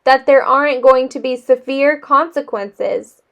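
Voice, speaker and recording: A no-nonsense older great-aunt scolds and corrects the people around her with firm patience, voiced by a woman reading a storybook aloud. The voice is high and the pace is unhurried. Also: vocal fry, fairly bright tone, exaggerated voice. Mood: firm, scolding.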